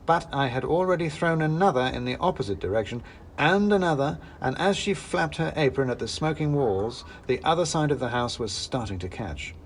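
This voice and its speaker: Wry, expressive male storyteller. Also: medium pitch, normal speed, a little hiss or hum. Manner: wry, dry humor, expressive first-person reading. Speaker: narrator and author-reader. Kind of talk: storybook narration.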